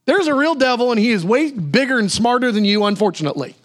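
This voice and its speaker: Guy preaching a sermon, animated, jumps way up high on exclamations. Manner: animated preaching with sudden high exclamations and slow emphatic repetition. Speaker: pastor.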